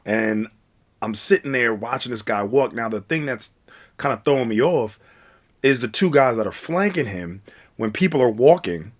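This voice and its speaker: A man's voice: medium pitch, animated, moderate pace. A man telling a casual personal story, rambling with many fillers and restarts. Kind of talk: casual spoken anecdote.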